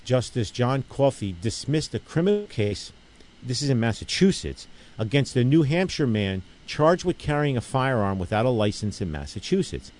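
A middle-aged man hosts a casual radio talk show in a voice of ordinary middle pitch. He talks emphatically and often checks in with his listeners. He rambles through stories, restarting his sentences as he goes. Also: very animated, normal speed, darkish tone. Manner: rambling storyteller with frequent restarts. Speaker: radio show host and gun range owner.

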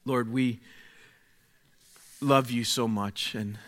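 A man preaching a sermon, speaking slowly and deliberately, dropping to a hush and then rising to exclaim. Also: medium pitch, steady tone. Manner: slow, deliberate, swings from hushed to exclaiming.

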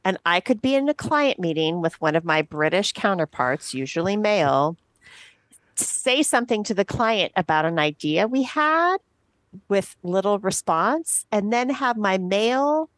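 A woman's voice: mid-range voice, expressive, measured pace, no room sound. An American woman co-hosting a podcast, chatting casually and talking emphatically, stretching words for effect. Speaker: podcast co-host. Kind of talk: casual chat.

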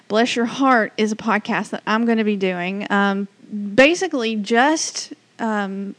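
A woman with a Southern US accent hosts a loose, unscripted podcast, chatting and rambling while often restarting sentences. Her mid-range voice moves a little slowly, and there is no room sound.

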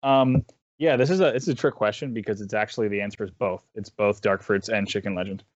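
A man's voice: lowish voice, fairly even intonation, no room sound, lo-fi sound. A man chatting casually as an interview guest, rambling and restarting his sentences. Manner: rambling, halting, with many restarts. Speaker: interview guest, esports caster. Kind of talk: casual chat.

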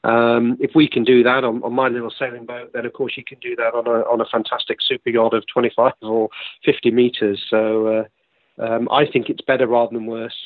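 A man's voice: medium pitch, level tone, fairly quick, no room sound. A British man being interviewed as a guest, talking easily in long explanatory runs over a remote line. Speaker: yacht charter guest. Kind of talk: casual interview chat. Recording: tinny dry phone line.

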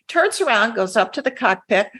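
A woman with a slightly raised, husky voice recounts an old in-flight incident. She tells it in a lively, anecdotal way and slips into the voices of the people in her story as she goes. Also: a little high, moderate pace. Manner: lively anecdotal telling, acts out quoted lines. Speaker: former flight attendant. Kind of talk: storytelling in a podcast interview.

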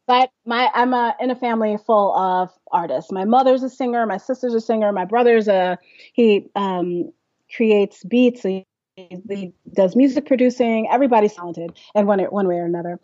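A woman's voice: medium pitch, moderate pace, dark tone, no room sound, highs cut off. A young adult woman, a classical singer, telling her story in a casual interview, laughing often and acting out quotes. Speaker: interview guest.

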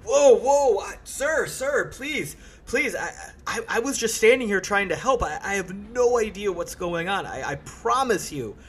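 A man's voice: high-pitched, expressive, unhurried, few pauses, breathy edge, pitched above the performer's own voice, heavily acted. A man acting out a terrified train porter, stammering and pleading in a raised, strained voice. He stumbles over his words and begs to be believed. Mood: panicked. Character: flustered frightened male train porter.

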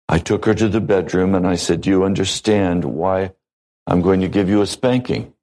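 A man preaching a sermon as a pastor, measured and deliberate, with long pauses between phrases. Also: deep voice, darkish tone, rough recording.

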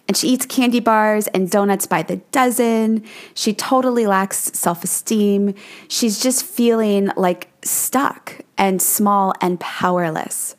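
A woman's voice: medium pitch, takes it slowly. A woman in her forties talks through a casual podcast monologue from her home office. She speaks with a mid-range voice in a chatty, coaching way, often checking in with "right?" as she encourages her listeners. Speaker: podcast host, numerology forecaster.

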